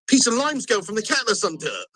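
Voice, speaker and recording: A man rants angrily through a live football watch-along, swearing at every turn. His voice sits high and sounds sharp and bright. The sound is dry and close. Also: wildly swooping pitch, fast talker, dry recording, low-quality recording. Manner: angry, swearing rant. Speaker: football fan streamer.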